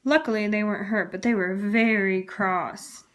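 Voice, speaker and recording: A woman reading a children's storybook aloud in a gentle, expressive way. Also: medium pitch, moderate pace. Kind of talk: children's book read-aloud.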